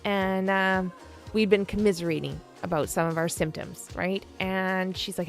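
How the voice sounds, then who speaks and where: A woman's voice: medium pitch, fairly even intonation, moderate pace, soft background music. A woman in her forties hosting a podcast, talking frankly and playfully in a casual monologue and calling her listeners pet names. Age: 40s. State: perimenopausal. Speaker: podcast host.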